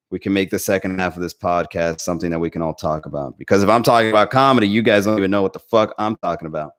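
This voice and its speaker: A man's voice: on the low side, a bit bright. A man hosting a comedy podcast, chatting casually with his stream, rambling, swearing freely and laughing often. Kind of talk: casual livestream chat.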